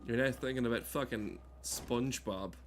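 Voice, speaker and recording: A man's voice: medium pitch, moderate pace, slight background noise. A man streaming a game, talking casually with his chat in a rambling, joking way, swearing often and breaking off his own sentences. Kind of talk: casual gaming stream commentary.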